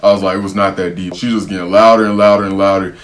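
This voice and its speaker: Deep-voiced young man telling a story. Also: fast talker. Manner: animated, slangy storytelling, repeatedly saying "bro", acting out quotes. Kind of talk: casual storytelling to camera.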